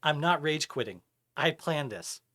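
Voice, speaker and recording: Animated man chatting on a live stream. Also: a little high, unhurried. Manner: animated, chatty, reads chat aloud. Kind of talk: casual live-stream chat while gaming.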